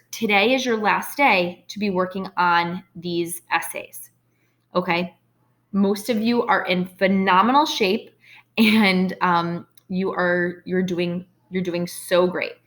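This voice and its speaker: A woman's voice: mid-range voice, a bit bright. Encouraging woman teacher with many ums. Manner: encouraging, patient, with frequent ums and okays. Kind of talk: recorded online lesson.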